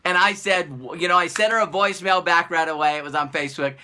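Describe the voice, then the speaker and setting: A man plays business coach in a casual, animated motivational talk to camera, full of repeated phrases and rhetorical questions. His high-pitched voice is smooth and fast.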